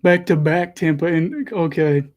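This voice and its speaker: A man's voice: on the high side, unhurried, a little mellow. A young man hosting a casual livestream, calling hockey play as he watches and chatting between moments in a self-deprecating way. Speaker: livestream host and hockey commentator.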